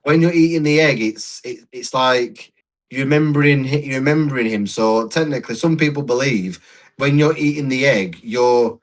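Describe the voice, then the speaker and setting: A man's voice: medium pitch, normal speed. A man co-hosting a casual podcast, telling rambling anecdotes with restarts and laughter. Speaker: podcast co-host. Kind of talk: casual chat, storytelling.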